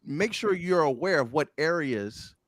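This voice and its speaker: A man telling candid stories in a casual chat, playful and bold, his voice jumping up when excited. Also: a little high, a little slow, dry recording, clean studio sound. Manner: animated storyteller, playful and bold. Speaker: podcast guest.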